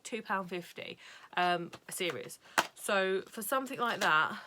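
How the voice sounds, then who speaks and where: This is a young woman with a British accent, speaking in a slightly lower register than most women. She chats freely and candidly about her anime collection, rambling along with frequent fillers and the occasional cheerful swear word. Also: a bit bright, slight background noise. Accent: British English. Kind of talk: casual chat.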